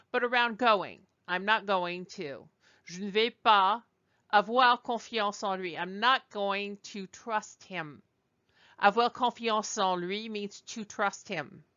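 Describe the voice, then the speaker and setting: A woman teaching a language lesson over slides, explaining slowly and digressing as she goes. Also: medium pitch, sharp tone, lo-fi sound. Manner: explanatory, digressive, with fillers and restarts. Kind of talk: recorded lecture over slides.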